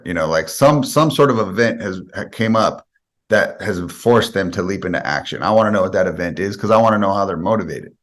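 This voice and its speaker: A man with a very low voice speaks as a guest on a podcast. He talks in an earnest, conversational way and builds his points through everyday examples, taking them one step at a time. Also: expressive, a little fast, a bit bright. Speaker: guest sales expert. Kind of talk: podcast interview answers.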